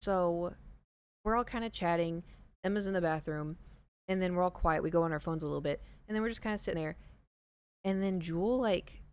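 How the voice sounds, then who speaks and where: A woman's voice: fairly low pitch, a little fast, clean tone. A young woman streaming, casually retelling a story to her chat with lots of "like" and acted-out dialogue. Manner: chatty, lots of "like" and retold dialogue; drops to a hushed voice. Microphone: headset, later taken off.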